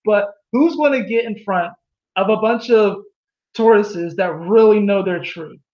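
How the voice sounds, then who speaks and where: A man giving a casual tarot reading, animated and laughing at his own jokes. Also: high-pitched, a little slow. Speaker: tarot reader. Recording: echoey room, dull lo-fi sound.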